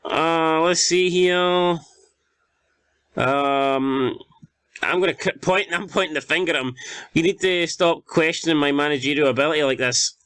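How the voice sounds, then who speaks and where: A man's voice: fairly high pitch, unhurried, a bit bright, clean tone, no echo. A young man commenting on his football management game, exasperated and swearing as he calls the action. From Scotland. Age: young adult. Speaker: gaming YouTuber playing a football manager game. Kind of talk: casual gameplay commentary.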